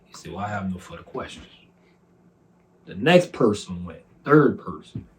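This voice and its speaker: A man in his forties with a fairly low voice tells his personal testimony. He speaks softly and earnestly, acting out both sides of a past conversation. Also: lively intonation, normal speed. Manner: recounts dialogue by voicing both sides, soft and earnest.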